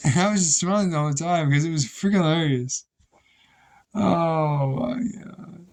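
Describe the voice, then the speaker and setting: A young man tells stories from his old job in a loose, rambling way, swearing freely and tripping over his words. His voice sits a little high for a man. The delivery is a casual chat straight to the listener. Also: moderate pace. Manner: rambling, profane, restarts a lot. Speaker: vlogger. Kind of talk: casual storytelling.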